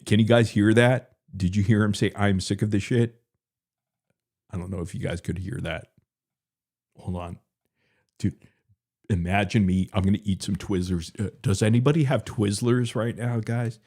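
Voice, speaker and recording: Rambling, crude low-voiced male streamer. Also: darkish tone. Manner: loose, profane, joking, repeats himself. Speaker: live stream host.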